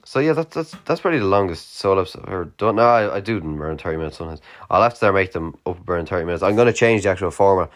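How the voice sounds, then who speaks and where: Deep-voiced, rambling Irish guy. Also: lively intonation, very fast, few pauses. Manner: rambling, sweary, filler-heavy. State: tired, yawning late at night. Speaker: podcast host. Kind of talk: casual solo podcast musing.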